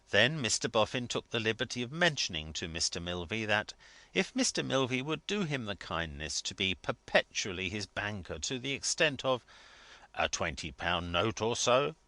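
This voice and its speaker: A man reading a classic novel aloud in a measured, expressive way. His low voice is bright and lively in pitch, recorded dry and close. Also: no room sound. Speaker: audiobook narrator. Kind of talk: scripted narration of a classic novel.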